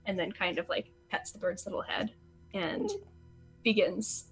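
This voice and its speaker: A woman player describing her character's actions in a tabletop game, casual and halting. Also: medium pitch, steady tone, faint music behind.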